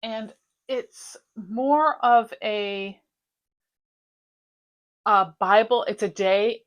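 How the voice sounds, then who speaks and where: A middle-aged woman hosting a stitching vlog, chatting casually and rambling from one topic to the next. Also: mid-range voice. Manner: chatty, rambling, warm-hearted. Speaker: flosstube host. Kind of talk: casual chat.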